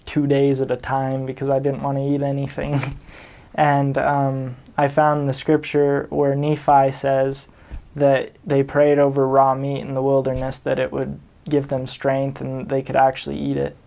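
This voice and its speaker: A young adult man from the United States, a returned missionary, speaks in a warm, medium-pitched voice with vocal fry. He casually tells stories, chuckling and using fillers along the way.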